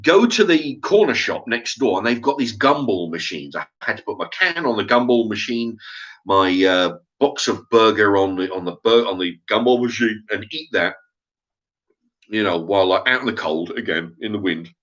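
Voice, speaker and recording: Man for a vlog rant: bright, lively delivery, blunt and sweary, slightly lo-fi sound. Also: fairly low pitch, moderate pace. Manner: animated, blunt, swears freely. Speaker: channel host. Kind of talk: casual storytelling monologue. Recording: dull lo-fi recording.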